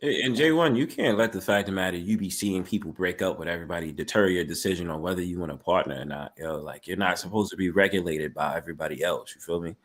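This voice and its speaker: A man's voice: low voice, quick pace, hardly any pauses, a bit bright. A man on a podcast panel, talking casually in profane street slang and often checking that he is understood. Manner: streetwise slang, profane, keeps asking "you feel me".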